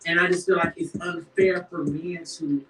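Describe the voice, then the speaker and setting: Speaking candidly, a woman from a reality show confesses emotional details of her life with emphasis, often acting out others' words in put-on voices. Her fairly low, fairly bright voice holds a steady tone at normal speed. The rough recording sounds roomy and far from the mic, with a little hiss or hum.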